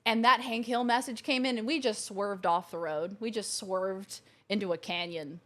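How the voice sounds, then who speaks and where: Settled on her living room couch, this woman streams a game, chatting casually and pouring out thanks to her audience. Her mid-range voice is pushed and bright with fairly even intonation at a moderate pace, and there's slight background noise.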